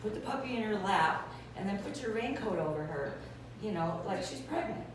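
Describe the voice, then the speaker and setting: A woman telling a funny personal story to a live audience, lively and acting out other people's voices. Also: mid-range voice, moderate pace. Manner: lively, acts out voices with laughter. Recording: echoey hall from far off, noisy.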